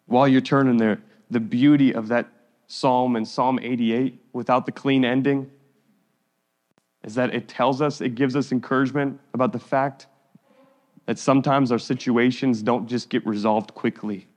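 A man preaching a sermon as pastor, earnest and pleading, reading scripture slowly. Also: mid-range voice, steady tone, darkish tone. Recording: long reverb of a hall.

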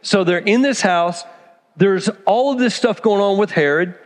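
Brief: high-pitched male pastor, animated sermon storytelling, long reverb of a church hall. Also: moderate pace. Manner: animated storytelling, acts out characters.

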